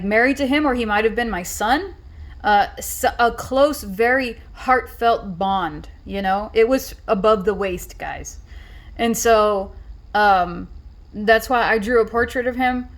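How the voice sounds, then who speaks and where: Woman vlogger rambling thru a story, kinda high voice, lots of likes and ums. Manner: rambling, many fillers and restarts. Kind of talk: casual storytelling.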